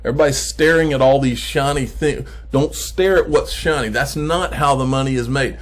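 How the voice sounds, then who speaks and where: A man's voice: mid-range voice, steady tone. Emphatic man hosting crypto commentary. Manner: emphatic, repeats points slowly for effect; addresses viewers as folks, frequent okay. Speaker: crypto channel host. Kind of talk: casual commentary on screen posts.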